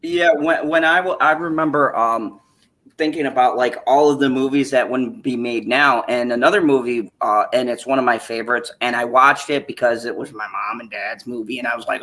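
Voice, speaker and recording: A man hosting a casual live-stream chat, talking in an animated, profane way and laughing often. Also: mid-range voice, moderate pace. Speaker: stream host.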